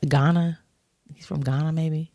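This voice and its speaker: A podcast co-host, a woman, passes along gossip in a casual, slangy, animated style, quoting people throughout. Her deep voice is a little slow. The studio sound is clean with no room sound.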